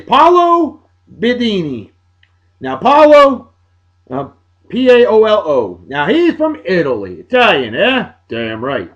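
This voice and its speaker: A man, hosting a show and giving chatty, upbeat shout-outs with playful asides. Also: on the high side, highs cut off. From Massachusetts, USA. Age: 40s. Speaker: video show host. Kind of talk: casual birthday shout-outs.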